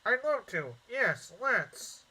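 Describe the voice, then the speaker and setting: A man's voice: very high-pitched, very animated, slow, pushed and bright, breathy edge, voice pushed up, heavily acted, poor audio. A man voicing an earnest, bookish young male knight in a nasal put-on voice, reading game dialogue aloud. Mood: eager.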